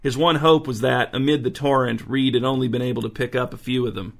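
A man narrating a story in a dry, even reading voice. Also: medium pitch, fast, vocal fry. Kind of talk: audiobook narration.

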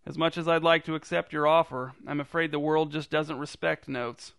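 A man's voice: a little high, fairly even intonation, normal speed, gravelly, a bit bright, clean tone, no room sound, studio quality. A man voicing a hapless, overly polite would-be mugger who rambles nervously. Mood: awkward. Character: hapless, awkward young male would-be mugger.

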